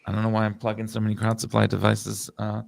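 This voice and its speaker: A man with a fairly deep, gravelly voice co-hosts a hardware stream in relaxed chat. He jokes dryly and pauses often on his words. The sound is close and dry. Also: dry recording. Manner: easygoing, dry joking, hesitant with many "uh"s. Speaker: co-host of a live hardware build stream. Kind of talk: casual chat.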